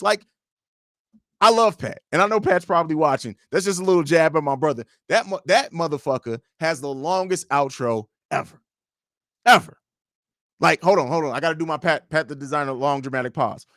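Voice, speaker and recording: A young man hosting a casual livestream, reading viewer comments aloud and answering them in a blunt, profane, animated way. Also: high-pitched, a little fast, no echo, studio quality. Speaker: livestream host.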